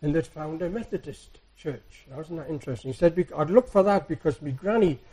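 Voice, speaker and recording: A soft-spoken man preaching to his congregation in an easy, rambling storytelling way. His voice is husky and mellow, and a little higher than most men's. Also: brisk, low-quality recording. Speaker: church speaker. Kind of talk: anecdotal sermon.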